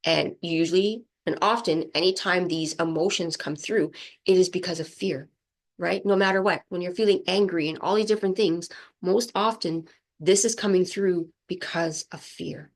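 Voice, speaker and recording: A woman hosting a spiritual energy talk, speaking softly and flowingly, often checking in with "right?", moved close to tears. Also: on the low side, steady tone, normal speed. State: emotional, near tears. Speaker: spiritual channel host.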